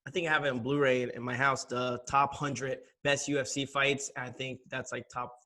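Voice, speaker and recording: A young man hosting a casual chat, relaxed and quick to laugh. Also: medium pitch. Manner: relaxed, laughs easily, many fillers. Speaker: host.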